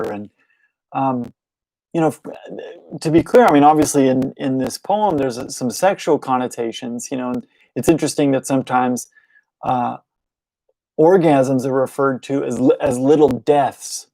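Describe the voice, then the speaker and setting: A man's voice: mid-range voice, a little mellow, dry recording, low-quality recording. A young man hosting a loose, unscripted show at home, rambling and correcting himself as he goes and chuckling often. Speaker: podcast host. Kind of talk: casual unscripted monologue. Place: home room, lit with a clamp light.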